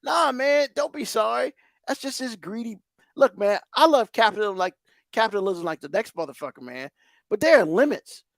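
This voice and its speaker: A man's voice: high-pitched, animated, normal speed, creaky, dry recording, clean studio sound. A man hosting a podcast, ranting in heated, profane exasperation. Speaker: podcast host.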